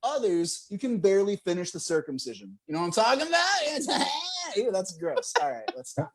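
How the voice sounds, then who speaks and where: Lively young male stand-up comic. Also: high voice, a little fast. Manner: animated, laughs between jokes, crowd work. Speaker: stand-up comedian. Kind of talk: stand-up set.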